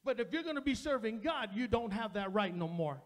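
In a church sanctuary, a male pastor preaches directly to his congregation using a repetitive, sermon-style cadence. His voice sits high, and he speaks in a brisk, animated way.

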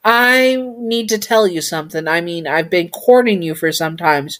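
A doting male rabbit spirit from a storybook reading, voiced by a woman in her own fairly low voice. He speaks softly and fondly, hesitating before he says what he means. There is little change in his voice from the narrator's. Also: animated, normal speed. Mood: bashful.

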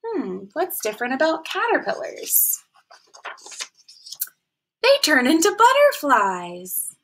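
Woman storyteller for children: animated picture-book read-aloud, very lively pitch, slightly high voice. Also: takes it slowly. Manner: animated, asks the children questions.

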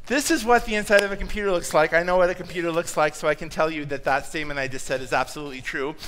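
A man preaching a sermon in a church, telling stories in a conversational, self-deprecating way with quick asides. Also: on the high side, fairly bright tone. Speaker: pastor.

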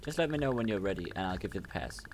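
A man's voice: low voice, lively intonation, rapid-fire, noisy background. A man reading the lines of a bossy, wheedling schoolboy who makes deals, during a game playthrough. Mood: scheming. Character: scheming schoolboy dealmaker.

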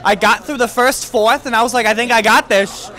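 A man's voice: extremely high pitch, a little fast. A young man with a New York accent, joking and laughing through a casual vlog at a busy restaurant. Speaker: challenge contestant. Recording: loud crowd chatter behind.

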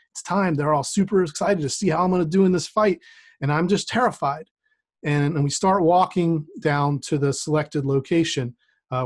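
Storyteller, man, slightly high voice, loose conversational delivery with restarts. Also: darkish tone. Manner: conversational, self-deprecating, with many restarts. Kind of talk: personal storytelling on a streamed show. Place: remote setup with a rained-on playground backdrop.

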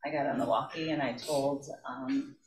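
A school principal giving courtroom testimony, speaking haltingly with restarts and trailing off. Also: mid-range voice, fairly even intonation. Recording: roomy courtroom audio, distant mic, faint hiss.

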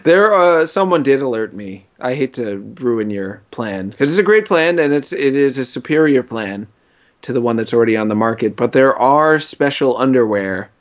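A man's voice: mid-range voice, expressive, moderate pace. A man co-hosting a comedy podcast, reacting with bemused disgust and questions. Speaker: podcast co-host. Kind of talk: comic banter.

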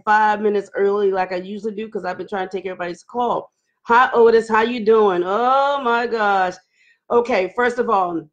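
A woman hosts a casual live-stream chat, calling out viewers by name and laughing between lines. Her voice sits a little high and stays animated throughout. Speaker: livestream host.

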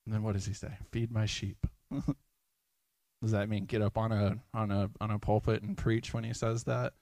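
A man's voice: lowish voice, flat delivery, moderate pace, creaky, darkish tone, no room sound. A man preaching a sermon in church, speaking earnestly in a conversational way and often quoting prayers aloud.

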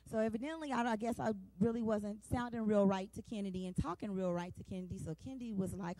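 A woman's voice: mid-range voice, fairly quick, a little mellow, no echo. A woman in her forties preaching a sermon, passionate and emphatic, with repeated refrains and a plain, down-to-earth way of talking straight to the congregation. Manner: colloquial, talks straight to the congregation. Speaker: women's day speaker.

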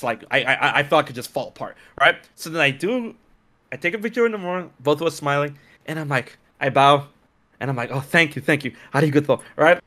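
A young man telling a story in a casual chat, excitable and slangy, with many restarts. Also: a little high.

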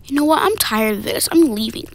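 A woman's voice: sits high, expressive, fairly quick. A woman acting out a school skit, switching between bickering characters.

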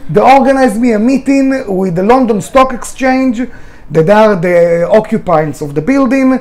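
A man's voice: high-pitched, lively intonation, normal speed, a little mellow. A middle-aged man, a restaurant owner telling his story with passion, emphatic and swearing freely, in English. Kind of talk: storytelling in a conversation.

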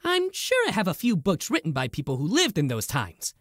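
A woman's voice: lowish voice, wildly swooping pitch, fairly quick, no room sound, studio quality. A woman voicing a boastful, showy airship owner who talks in a grand, theatrical way, in a video game. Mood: helpful. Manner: theatrical, self-promoting, grand.

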